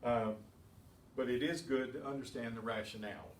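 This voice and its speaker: A man's voice: medium pitch, steady tone, normal speed, a little hiss or hum. A man teaching a beginners' Spanish class, explaining rules methodically with chatty asides. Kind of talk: classroom lesson. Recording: echoey room, distant mic, faint ambience.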